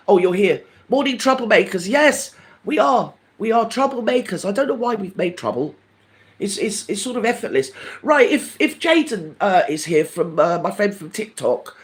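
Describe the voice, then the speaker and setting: An older man hosting a live stream, chatting to viewers in a camp, gossipy way and calling everyone darling. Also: sits high. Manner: lively and animated, swinging up and down. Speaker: livestream host. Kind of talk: casual chat with live viewers.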